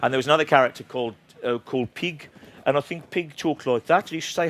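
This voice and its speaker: A man's voice: fairly high pitch, fast talker. A middle-aged Welsh man with a slight sore throat, chatting playfully as an interview guest and mocking himself. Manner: playful, self-mocking, laughs often. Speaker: author and comedian guest. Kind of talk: casual interview chat.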